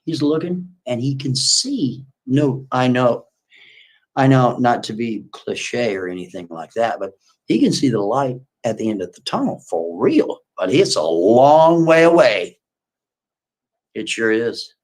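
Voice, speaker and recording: A man's voice: medium pitch, expressive, a little slow, darkish tone, breathy edge. A man casually retelling a story on a live stream, rambling and folksy, with lots of asides.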